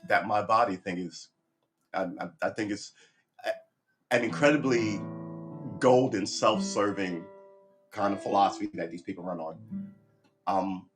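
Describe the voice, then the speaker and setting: A man's voice: on the low side, unhurried, long pauses, music in the background. A man hosting a livestream, talking through his opinions in a rambling, blunt way with frequent restarts and swearing. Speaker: livestream host. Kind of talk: casual opinion monologue.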